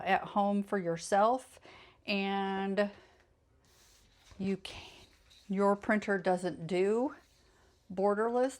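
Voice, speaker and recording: A woman hosting a casual craft tutorial, chatty and meandering, often correcting herself mid-sentence and sounding a bit tired. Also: medium pitch. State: tired, yawning late in the evening. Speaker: craft channel host.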